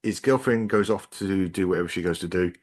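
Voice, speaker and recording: Deep-voiced man chatting easily. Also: brisk. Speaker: podcast co-host. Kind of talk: casual chat.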